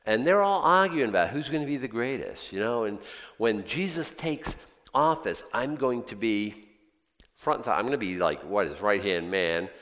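Animated male preacher in reverberant hall. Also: fairly low pitch, normal speed. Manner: animated, conversational, jokey asides. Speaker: pastor. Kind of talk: sermon. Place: church.

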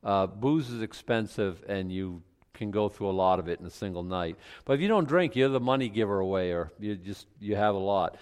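A middle-aged male pastor preaching in a conversational way, breaking into loud emphatic outbursts. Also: lowish voice, normal speed, clean tone. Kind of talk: sermon.

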